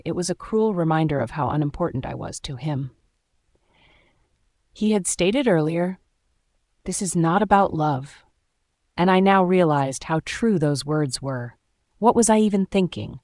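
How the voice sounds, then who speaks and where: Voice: mid-range voice, a little mellow, dry recording. A narrator reading a first-person romance story aloud with dramatic, emotional delivery.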